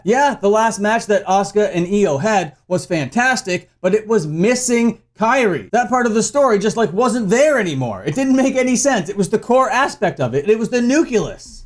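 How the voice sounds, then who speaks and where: A young man angrily ranting as a channel host, heated, exasperated and swearing freely. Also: sits high. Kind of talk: angry rant to camera.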